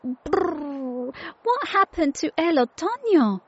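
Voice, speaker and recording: A woman's voice: animated, measured pace, a little mellow, breathy edge, dry recording, full character voice. A woman voicing a young, curious girl tortoise who tires easily, in a storybook read-aloud. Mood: eager. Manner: high, eager, wondering. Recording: dull lo-fi dry recording.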